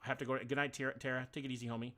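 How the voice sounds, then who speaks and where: A man's voice: medium pitch, little pitch movement, very fast, fairly bright tone. A man streaming a game live, thinking aloud, swearing casually and greeting viewers by name. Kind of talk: casual live-stream chat while playing.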